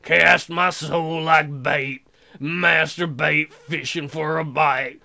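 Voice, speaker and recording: A man's voice: fairly high pitch, steady tone, sharp tone, heavily acted. A man doing a dreamy British woman performance artist. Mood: entranced. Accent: British, put on. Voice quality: slow, gravelly, dreamy delivery. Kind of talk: reading video game dialogue aloud.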